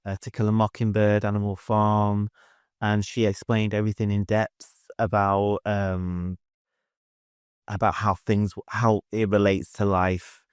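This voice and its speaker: Low-voiced man telling a story. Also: monotone, unhurried, smooth, no room sound, clean studio sound. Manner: earnest storytelling, hesitant, with fillers. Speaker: podcast guest. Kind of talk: casual interview chat.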